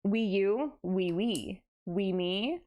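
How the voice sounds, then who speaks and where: A woman's voice: medium pitch, animated, extremely slow, darkish tone. A young woman streaming live, chatting playfully with her viewers, tired and giddy late at night and poking fun at herself. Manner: playful, self-mocking, reads chat aloud and answers it. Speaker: VTuber streamer.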